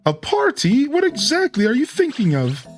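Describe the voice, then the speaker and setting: A man's voice: very high voice, wildly swooping pitch, normal speed, soft background music, voice pushed up, heavily acted. A man voicing a courteous Greedent squirrel Pokémon with a Southern US accent. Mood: polite. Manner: prim and polite.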